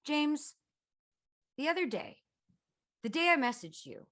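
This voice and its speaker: A woman guest telling a story in casual comedic chat, animated, self-mocking and swearing freely. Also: high-pitched, unhurried. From Canada. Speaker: podcast guest.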